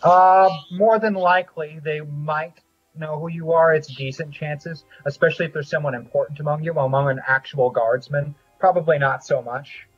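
A man narrating as game master, describing scenes and rulings in a measured way with frequent pauses. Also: fairly high pitch, fairly even intonation, soft background music. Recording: dull lo-fi audio.

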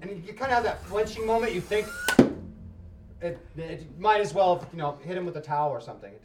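A man narrating a tabletop game as game master, with a measured, descriptive manner. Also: high-pitched, lively intonation, background noise. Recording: echoey room, far from mic, music behind.

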